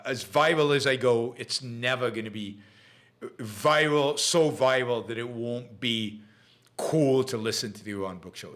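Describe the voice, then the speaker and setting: A man's voice: medium pitch, fairly bright tone. Chatty Israeli-accented man hosting a live show. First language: Hebrew. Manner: chatty, halting with frequent fillers and restarts. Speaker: podcast host. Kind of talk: live-stream Q&A chat.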